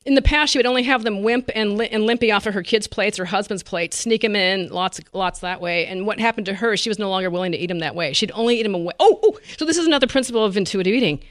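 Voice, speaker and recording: A woman's voice: mid-range voice, quick pace, few pauses, no room sound, studio quality. A woman dietitian talking animatedly in an interview, laughing often and acting out what her patients say. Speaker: dietitian guest. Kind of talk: conversational interview.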